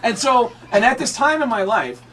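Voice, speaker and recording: A man's voice: very high-pitched, big pitch swings, normal speed, sharp tone. A man in his thirties, a comedian being interviewed on radio, telling stories in a chatty, breezy way with lots of fillers. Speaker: comedian guest.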